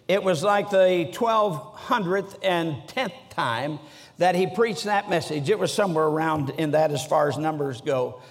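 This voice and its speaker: A man preaching a sermon, telling stories with sudden shouts and slow, drawn-out phrases. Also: high voice. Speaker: guest preacher. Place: large church sanctuary. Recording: echoey church hall.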